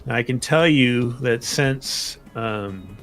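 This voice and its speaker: Slow-talking man running a tabletop game. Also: mid-range voice, fairly bright tone. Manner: unhurried explanations with fillers and restarts. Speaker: game master.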